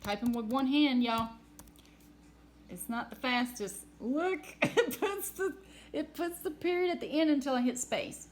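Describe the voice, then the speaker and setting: Excitable, rambling woman vlogger. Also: high voice, unhurried, a little hiss or hum. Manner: excitable, rambling, laughs often. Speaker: spiritual vlogger. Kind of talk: rambling casual vlog.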